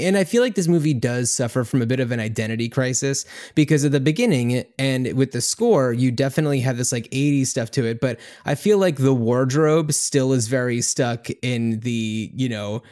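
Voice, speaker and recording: A man's voice: mid-range voice, expressive, moderate pace, hardly any pauses, a little mellow. A man co-hosting a casual movie review podcast, talking in a rambling, enthusiastic way full of fillers. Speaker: podcast co-host.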